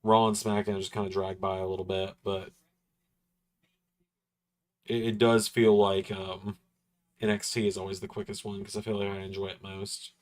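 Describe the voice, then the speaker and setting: A man with a lowish voice hosts a wrestling watch-along stream. He talks casually and loosely, drifting from point to point with a chuckle here and there. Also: little pitch movement, normal speed, pauses often, darkish tone. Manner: rambling, laid-back, chuckles now and then. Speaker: livestream host.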